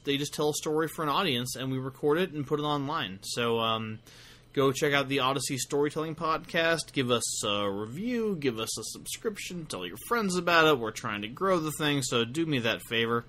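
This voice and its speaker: A man's voice: mid-range voice, pushed and bright. A tired man co-hosting a podcast, rambling casually through plugs for his projects. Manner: rambling, self-deprecating plugs. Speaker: podcast co-host. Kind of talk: casual chat.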